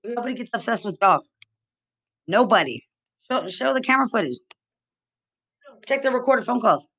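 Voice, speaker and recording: A woman's voice: on the high side, animated, normal speed, a bit bright, slightly rough. Agitated woman ranting, accusatory. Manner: agitated, accusatory, repetitive, profane. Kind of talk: angry rambling monologue to camera.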